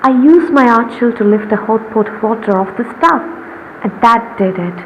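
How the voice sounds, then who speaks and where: A woman's voice: fairly high pitch, moderate pace, a little hiss or hum. A woman voicing a fiery, defiant young wife who speaks her mind, in a slightly muffled recording. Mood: calm. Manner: sharp outbursts turning to calm, soft replies.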